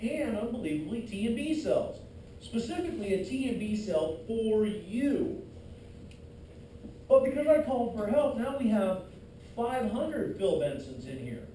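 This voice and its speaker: Guy teacher cracking jokes in class, highish mellow voice, echoey room from far off. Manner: lively, jokey, teases students. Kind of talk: classroom anatomy lecture. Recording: echoey classroom, distant mic, faint hiss.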